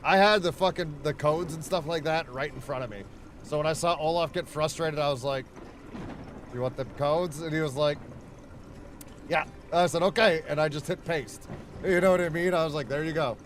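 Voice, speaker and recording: A man's voice: fairly high pitch, brisk, a little hiss or hum. A man live-streaming a video game, chatting casually and profanely with his viewers while he plays. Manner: profane, rambling, talks to chat and the game. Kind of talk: casual gaming livestream chat.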